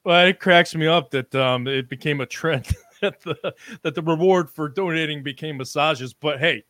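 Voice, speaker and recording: Guy hosting a live stream, bright voice kinda high, lots of ums and restarts, dry close sound. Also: dry recording. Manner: halting, with frequent ums and restarts; reads out viewer comments. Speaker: livestream interview host. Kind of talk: casual live-stream interview.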